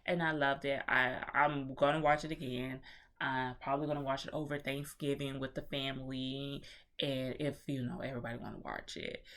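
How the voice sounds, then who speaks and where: In a casual vlog review, a woman whose voice is notably low and fairly bright recounts a film at normal speed with little pitch movement. Animated and slangy, she drops the odd swear word while addressing her audience directly.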